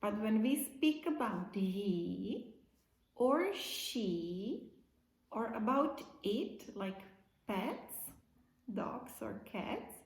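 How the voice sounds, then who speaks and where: A woman teacher giving a slow, simple English lesson to young children, repeating key words. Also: mid-range voice, animated, reverberant, rough recording.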